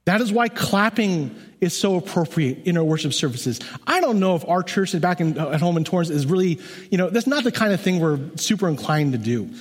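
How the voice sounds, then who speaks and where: Male music leader preaching; earnest, emphatic, conversational delivery, slightly high voice, reverberant hall. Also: expressive, brisk, few pauses, slightly rough. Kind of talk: sermon.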